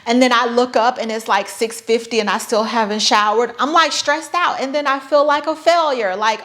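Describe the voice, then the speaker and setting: A woman's voice: on the high side, moderate pace, hardly any pauses, fairly bright tone. A woman in her thirties talking casually to her viewers as a vlogger, chatty and playful with sarcastic asides. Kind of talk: casual talk to camera.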